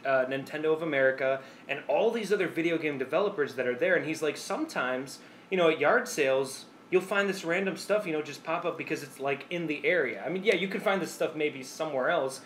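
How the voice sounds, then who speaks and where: Male podcast co-host, slightly high voice, giggly and rambling, faint hiss in the background. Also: a little fast, a bit bright. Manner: laughs often, rambling with fillers. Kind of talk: casual chat.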